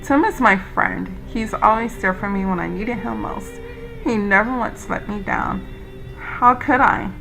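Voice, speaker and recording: A woman's voice: medium pitch, measured pace, gravelly, music in the background, low-quality recording. A woman voicing a loyal, earnest young male friend who speaks sincerely.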